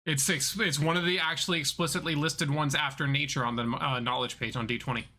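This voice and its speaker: Bright-voiced game master, halting narration. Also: mid-range voice, steady tone. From southern North Carolina. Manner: halting, many restarts and fillers while describing.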